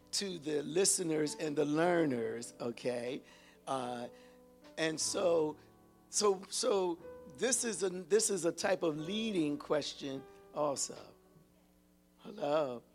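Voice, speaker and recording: A man with a notably high voice leads a teaching sermon and keeps checking in with the congregation. He stumbles over repeated words as he reaches for ideas. Faint instrumental music sits low behind him. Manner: calls out to the congregation with repeated "hello?" and "whoa"; halting, repeats words while searching for them. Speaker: pastor and Bible teacher.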